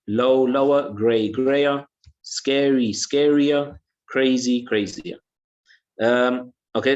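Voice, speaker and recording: A male English teacher giving an online lesson, patiently repeating words and saying "yeah" often. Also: mid-range voice.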